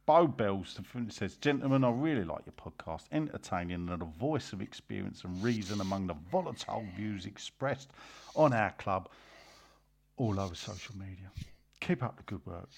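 A man hosting a casual football podcast, reading listener messages aloud in a slow, deliberate way and rambling between them. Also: lowish voice, creaky, a little mellow. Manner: rambling, lots of fillers.

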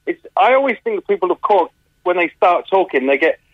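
Brief: UK male comedian on a phone line, bouncy and expressive, slightly high voice, dull dry phone sound. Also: fairly quick, no echo. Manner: animated, laughs often, slips into mimicked accents. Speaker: touring comedian. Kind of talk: phone interview on radio. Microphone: telephone.

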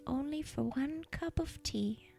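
A woman voicing a small girl who carries an old heroine's soul, speaking slowly and solemnly. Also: high-pitched, gravelly, music in the background, heavily acted. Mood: gentle.

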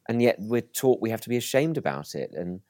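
A man's voice: fairly low pitch, big pitch swings, brisk, mellow, no room sound, clean studio sound. A British man, an author and comedian, guesting on a podcast and talking in a thoughtful, self-deprecating, hesitant way.

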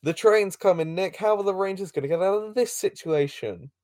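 A man chats through a recap on a podcast, rambling with fillers and frequent laughter. His voice sits a bit high. The sound is dry and close, with no room around it. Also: brisk, darkish tone, no echo. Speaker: podcast co-host recapping an episode. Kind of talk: casual chat.

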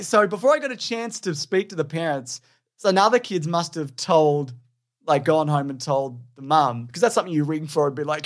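A man's voice: on the high side, normal speed. A man co-hosting a podcast, a former teacher telling stories in a rambling, casual way full of fillers and swearing. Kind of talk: casual chat.

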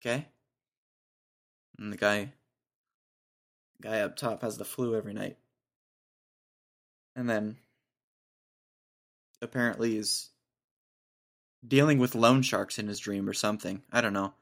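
A man's voice: lowish voice, steady tone, measured pace, gravelly, pauses often, fairly bright tone. A young man in his twenties hosting a podcast, telling a rambling, jokey story in casual slang. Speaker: podcast host.

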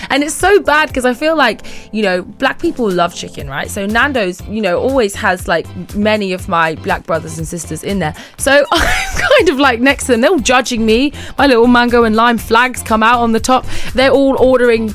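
A woman's voice: a little high, sing-song, normal speed, few pauses, a bit bright, faint music behind. Bubbly, laughing woman. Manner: bubbly, laughs often, acts out little voices. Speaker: interview guest, model. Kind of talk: casual chat answering questions.

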